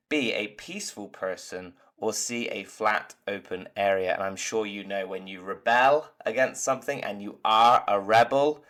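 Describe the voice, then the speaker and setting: A man's voice: on the low side, a bit bright. A man teaching English vocabulary in an online lesson, upbeat and encouraging as he walks through the quiz answers. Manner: upbeat, encouraging, explains patiently. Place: lives in Turkey.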